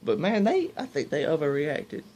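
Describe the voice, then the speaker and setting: A man's voice: a little high, wildly swooping pitch, normal speed, darkish tone, slight background noise. A young man, casually telling rambling stories to his viewers. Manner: rambling, restarts, talks to viewers as "y'all". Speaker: vlogger. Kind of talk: casual storytelling to camera.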